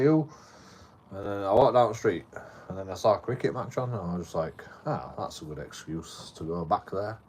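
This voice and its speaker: Talking to his live chat, a late-thirties male streamer with a Yorkshire accent, from Bradford, England, rambles through a story laced with swearing and frequent repetition. His voice sits low and a little mellow, with slight hiss or hum underneath.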